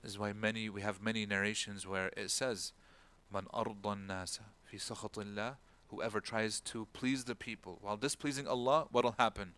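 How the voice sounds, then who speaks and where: A man's voice: fairly low pitch, steady tone, moderate pace, few pauses, a bit bright. A man giving an informal religious talk as an imam, telling a story and acting out the people in it with a raised voice, and dropping Arabic words and phrases into his speech. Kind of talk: talk-style religious lecture.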